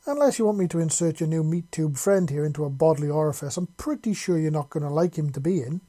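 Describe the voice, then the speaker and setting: Guy reading as a scary drawling wanderer, fake polite, dark husky voice. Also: a little high, natural voice. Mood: menacing drawl. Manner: mock-polite, slow and threatening. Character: menacing drawling male wanderer with an accent.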